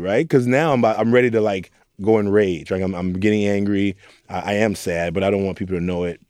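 Speaking quickly in a lowish, dark voice, a young mentor from Oakland, California opens up in an interview with thoughtful, heartfelt storytelling and quoted asides. The studio sound is clean, with no echo.

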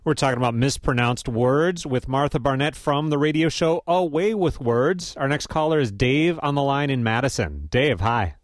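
A man hosting a public radio talk show, relaxed and playful with guests and callers. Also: mid-range voice, normal speed, hardly any pauses, dry recording, studio quality. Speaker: radio host. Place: radio studio.

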